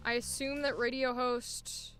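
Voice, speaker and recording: A woman's voice: fairly high pitch, flat delivery, measured pace, fairly bright tone, clean tone. Woman, voice actor, casual chat, thinking aloud, self-interrupting, faint background music. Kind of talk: casual chat while recording auditions. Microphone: headphones monitoring at a home recording setup.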